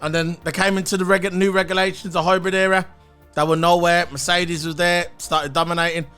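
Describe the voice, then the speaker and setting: A man's voice: high-pitched, little pitch movement, a little fast, pushed and bright, smooth, soft background music. A man giving a blunt, opinionated solo review of a race, swearing and repeating his points. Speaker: motorsport commentator.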